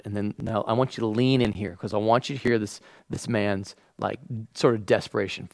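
A man preaching a sermon as a pastor. He acts out the quotes and drops to a hush when he wants a point to land. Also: fairly low pitch, fairly even intonation, a little fast, vocal fry, no echo, low-quality recording.

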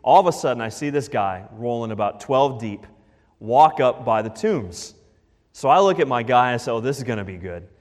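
A man's voice: medium pitch, animated, brisk, in a large hall, voice pushed down, lightly acted. A man playing a rattled herdsman, folksy. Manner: folksy, breathless storytelling. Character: rattled male herdsman telling a wild story.

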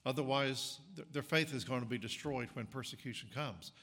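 A man preaching a sermon as pastor, talking in a conversational, halting way with frequent restarts and fillers. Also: medium pitch, a bit bright, long reverb tail. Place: church sanctuary.

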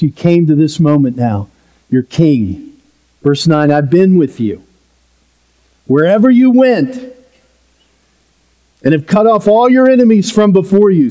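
Man preaching, high voice, unhurried, earnest and emphatic. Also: warm tone. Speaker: pastor. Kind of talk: sermon.

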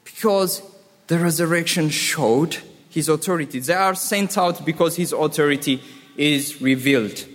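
Male preacher, unhurried sermon delivery, slightly high voice, long hall reverb. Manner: slow, emphatic, repeats key words.

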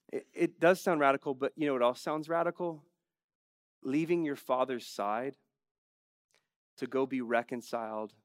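A male pastor delivering a sermon in a mid-pitched voice, moving between energetic, raised passages and soft, gentle stretches. He talks like he is chatting, with lots of "like" and "right?", and the sound is dry and close. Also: dry recording. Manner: animated preaching, swings from loud urgent bursts to quiet gentle tones; conversational, with asides like "like" and "right?".

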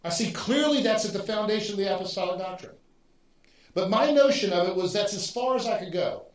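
Male pastor, teaching sermon, somewhat high voice, reverberant church hall. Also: fairly quick. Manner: thinking aloud with restarts, animated emphasis. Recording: roomy echo.

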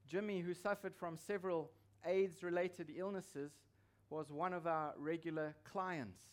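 A male pastor delivering a sermon in a fairly high voice. He presses his points with emphasis, repeating key phrases to drive them home. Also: steady tone, unhurried, few pauses.

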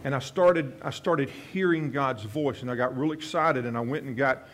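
Earnest pastor telling a story. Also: male voice, mid-range voice, moderate pace, a little hiss or hum. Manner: earnest, repeats and restarts phrases, voices quoted prayers softly. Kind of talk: sermon storytelling.

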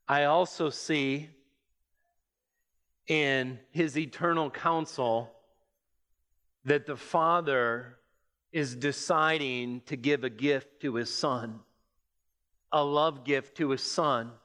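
A man preaching a sermon, reading scripture and explaining it with measured emphasis. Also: pushed and bright. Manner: measured, emphatic preaching that rises in pitch as it builds.

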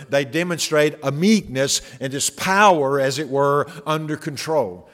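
A pastor preaching a sermon, earnest and full of rhetorical questions. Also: male voice, a little high, a bit bright. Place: church sanctuary. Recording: long hall reverb.

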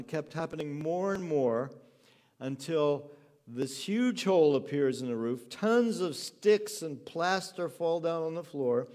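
A man preaching a sermon to a congregation, telling the story earnestly and growing soft and tender as he speaks. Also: fairly high pitch. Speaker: pastor. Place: church hall with a congregation.

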